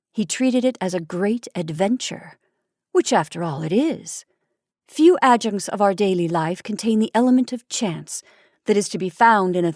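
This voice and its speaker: Woman, story narrator, expressive, measured, dry recording. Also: mid-range voice, dry recording. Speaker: storytime podcast host. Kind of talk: reading a classic short story aloud.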